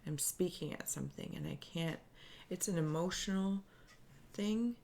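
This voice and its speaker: A woman giving a spiritual reading, speaking softly and earnestly in halting, searching phrases that she often restarts. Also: on the low side, vocal fry, a little hiss or hum. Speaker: spiritual reader. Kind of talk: improvised intuitive reading to camera.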